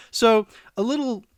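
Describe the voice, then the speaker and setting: A man's voice: extremely high pitch, no echo, clean studio sound. A man in a casual podcast chat, rambling animatedly through a film's plot with lots of fillers. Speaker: podcast co-host reviewing a film.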